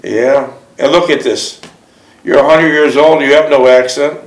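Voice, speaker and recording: A man's voice: fairly high pitch, steady tone, measured pace, roomy sound, low-quality recording. A male host interviewing a veteran, asking leading questions and summing up in emphatic statements. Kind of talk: interview and book reading.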